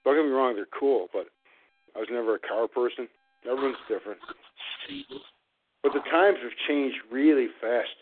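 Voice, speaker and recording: A man's voice: mid-range voice, normal speed, pauses often, a little hiss or hum. A man on a casual talk show, going off on long rambling rants full of "like" and "you know.". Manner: rambling, ranting, lots of fillers. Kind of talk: casual phone-in chat. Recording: narrow phone line.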